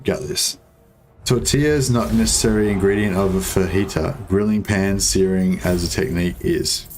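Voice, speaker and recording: A man's voice: sits low, normal speed, darkish tone, faint music behind. An Australian man in casual gaming chat, rambling and swearing casually while he plays co-op. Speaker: co-op game streamer.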